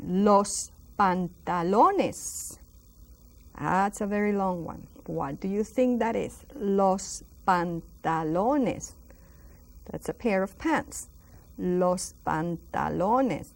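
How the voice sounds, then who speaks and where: A woman teaching a televised lesson, patiently repeating each word slowly and inviting viewers to say it with her. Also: medium pitch, a little mellow. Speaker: Spanish teacher. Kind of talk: slow televised language lesson.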